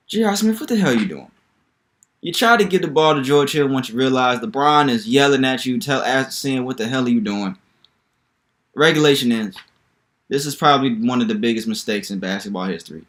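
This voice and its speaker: A young man hosting a solo basketball commentary video, talking in an animated, incredulous, rambling way with lots of repetition. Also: medium pitch. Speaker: sports video host.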